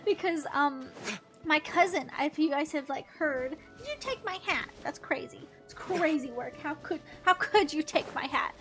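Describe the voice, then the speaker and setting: A woman's voice: sits high, unhurried, a bit bright. A young adult woman streaming a game, chatting casually in a rambling, giggly way with offhand swearing. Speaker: gaming streamer. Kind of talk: casual chat while gaming. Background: faint game music.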